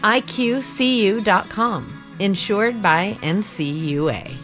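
A woman reading public radio station announcements and sponsor credits in a lively announcer manner. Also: mid-range voice, takes it slowly, soft background music.

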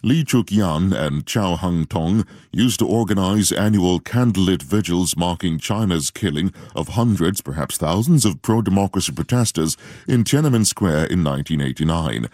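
Deep-voiced male radio newsreader. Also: expressive, a little mellow, no room sound, studio quality. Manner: measured, formal delivery. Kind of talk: radio news bulletin reading.

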